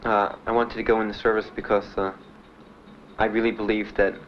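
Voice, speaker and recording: A faint hiss runs beneath this young veteran's testimony, captured on a dull, muffled recording that sounds like an old 1970s archive tape. He speaks plainly in a slightly low voice with little pitch movement, halting often with pauses and fillers.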